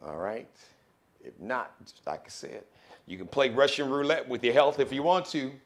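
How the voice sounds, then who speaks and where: Speaking at medium pitch and a moderate pace, a man hosts a live daily show with a spirited, preachy monologue. He alternates between shouting bursts and hushed warnings.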